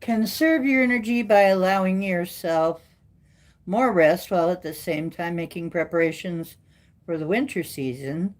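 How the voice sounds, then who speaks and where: A woman's voice: lowish voice, normal speed, darkish tone. A woman hosting her own video, chatting playfully and reading oracle cards aloud, prone to joking voices.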